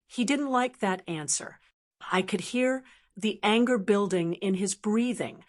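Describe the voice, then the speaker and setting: A woman in her sixties telling a first-person story in a steady, measured scripted narration. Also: mid-range voice. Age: 60s.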